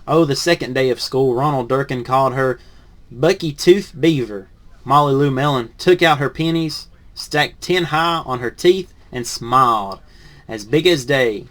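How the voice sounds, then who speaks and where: A man, a teacher in training, reads a picture book aloud with lively rises on the punchlines, then reviews it softly and hesitantly. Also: mid-range voice, unhurried. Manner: lively storybook reading, rising on punchlines, then soft and hesitant when reviewing.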